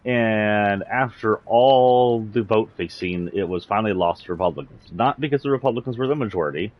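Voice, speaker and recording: A man's voice: fairly low pitch, low-quality recording. A man from Texas with a slight Southern accent, ranting bluntly and indignantly on a livestream. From San Antonio, Texas. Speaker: streamer. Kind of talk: political rant on a livestream.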